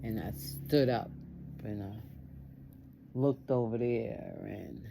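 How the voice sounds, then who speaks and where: A woman's voice: a bass voice, slow pace, gravelly, noisy background. A woman telling a personal testimony story in an earnest way, repeating phrases for emphasis.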